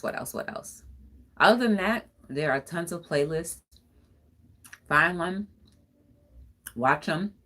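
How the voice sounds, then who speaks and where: A woman's voice: deep voice, fairly bright tone. A woman hosting a casual livestream talk show, chatty and encouraging, with sing-song greetings and easy laughter.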